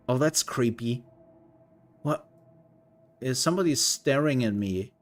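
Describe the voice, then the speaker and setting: Man, young adult, let's-play streamer, playful rambling, animated pitch, faint music behind. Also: unhurried, long pauses. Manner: playful, rambling, joking reactions. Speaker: gameplay streamer. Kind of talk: casual let's-play commentary.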